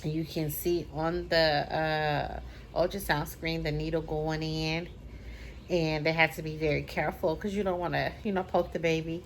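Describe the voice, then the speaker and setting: A woman's voice: low-pitched, level tone, moderate pace, slight background noise. Emphatic woman telling a personal story. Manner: emphatic, repeats phrases for effect. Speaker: vlogger.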